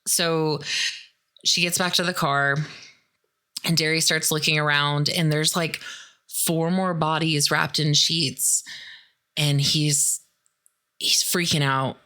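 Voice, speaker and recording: Young woman retelling a movie, low voice, slow and easy, says like and dude a lot. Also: steady tone, pushed and bright. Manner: chatty, peppered with "like" and "dude". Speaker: podcast host. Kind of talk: casual film recap.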